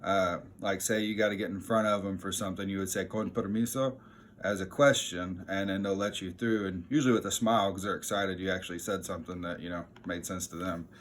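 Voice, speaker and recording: A man giving a casual, chatty lesson as a teacher, self-deprecating and relaxed, with a lively lift when he quotes the phrases he teaches. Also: deep voice, fast, hardly any pauses, slight background noise.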